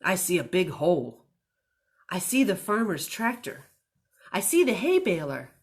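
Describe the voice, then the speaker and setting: A woman doing a slow, puzzled cow. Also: on the low side, big pitch swings.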